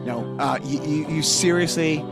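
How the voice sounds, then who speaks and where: A man's voice: on the high side, moderate pace. A man hosting a podcast, enthusiastic and full of praise for his guest, laughing often. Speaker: podcast host. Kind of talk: casual podcast interview. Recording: music playing under the voice.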